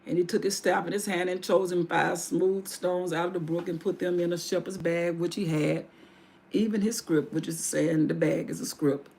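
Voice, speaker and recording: A woman's voice: lowish voice, fairly even intonation, normal speed, creaky, a little mellow. A woman hosting a livestream, retelling a Bible story in casual everyday speech with asides. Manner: casual vernacular with restarts and asides. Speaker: livestream host.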